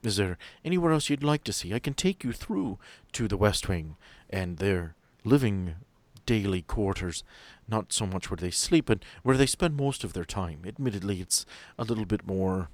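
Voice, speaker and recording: A man's voice: fairly low pitch, animated, normal speed, few pauses, dry recording, close to an everyday voice. A man voicing an asylum staff member who gives a tour, speaking in a matter-of-fact, businesslike way.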